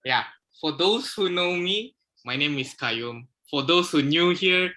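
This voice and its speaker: A man's voice: on the high side, expressive, measured pace, sharp tone. A man speaking off the cuff on a video call, talkative and joking. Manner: jokey and talkative. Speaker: meeting participant. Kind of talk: impromptu speech.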